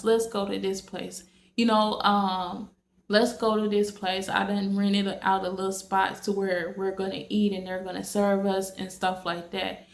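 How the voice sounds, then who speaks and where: A woman vlogging casually to her viewers late at night, rambling with many fillers and restarts. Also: mid-range voice. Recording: echoey room.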